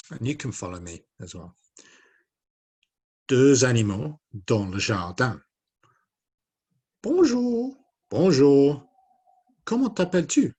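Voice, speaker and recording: A man's voice: on the low side, fairly bright tone, breathy edge. A man in his forties teaching a French lesson to children, patiently drilling pronunciation and encouraging them to repeat. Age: 40s.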